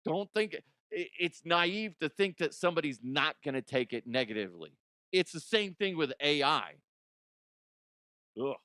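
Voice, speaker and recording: A man hosting a comedic news commentary podcast, animated and joking, now and then breaking into silly high voices. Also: a little slow, no room sound, studio quality. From Colorado, USA. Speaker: podcast host.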